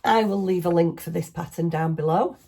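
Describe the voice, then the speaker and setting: A woman's voice: on the low side, fairly quick, vocal fry, warm tone. A middle-aged woman with a Northern English accent, chatting casually and rambling in a self-deprecating way as she shows her knitting to her viewers. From northwest England. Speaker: craft vlogger. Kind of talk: casual craft chat.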